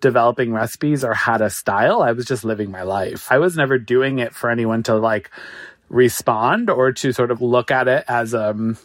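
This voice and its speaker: A man's voice: mid-range voice, normal speed. A man in his thirties, a food creator and cookbook author, chatting as a podcast guest, self-mocking and loose, full of "like" and "sort of" fillers. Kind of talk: casual podcast interview.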